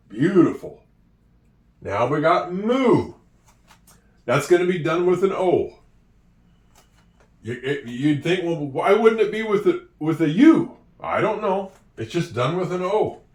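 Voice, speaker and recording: A man's voice: a little high, sing-song, darkish tone, recorded from a distance. Encouraging male teacher, echoey room. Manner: slow, encouraging, with drawn-out words. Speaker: English teacher. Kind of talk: handwriting and spelling lesson. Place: room with a whiteboard.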